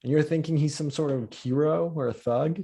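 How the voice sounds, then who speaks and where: A man's voice: fairly high pitch, a little fast, gravelly, warm tone, breathy edge. A man from Colombia who grew up in the U.S., speaking as a comedian guest on a podcast in casual conversation. He talks with passion and repeats words as he builds a point.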